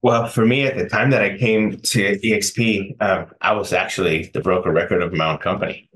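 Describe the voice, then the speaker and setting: A middle-aged man joins as a real estate broker guest and talks in a measured, plain-spoken manner. His voice sits very low. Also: fairly even intonation, a bit bright, slight background noise, rough recording.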